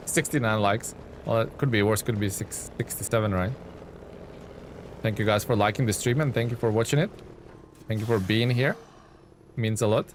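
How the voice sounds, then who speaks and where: A young man with a fairly low voice chats loosely with his viewers while he plays, drifting from topic to topic. Faint driving-game sounds sit under his voice. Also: steady tone, moderate pace, pauses often, a little hiss or hum. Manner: rambling, talks to chat while playing. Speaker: streamer. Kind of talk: casual gameplay commentary.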